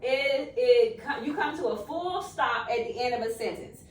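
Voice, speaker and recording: High-voiced woman teacher in an echoey classroom. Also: animated. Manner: encouraging, quizzing children with quick praise. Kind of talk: classroom lesson with young children. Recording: echoey room, distant mic, faint background noise.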